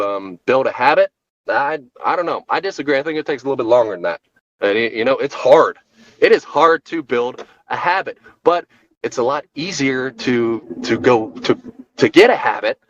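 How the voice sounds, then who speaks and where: A man's voice: medium pitch, fairly bright tone, no room sound, lo-fi sound. A man hosting a podcast and working as a personal trainer, giving a solo rant in an emphatic coaching tone that repeats key words.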